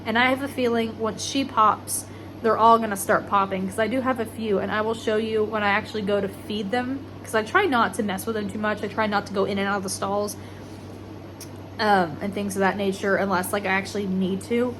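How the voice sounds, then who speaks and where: A woman filming a casual vlog while walking a horse barn at midnight, speaking quietly and often whispering so she won't disturb the mares. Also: mid-range voice, fairly even intonation, a little fast, noisy background. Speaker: horse breeder vlogger. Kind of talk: casual vlog, hushed late-night barn walk. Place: dark horse barn at night.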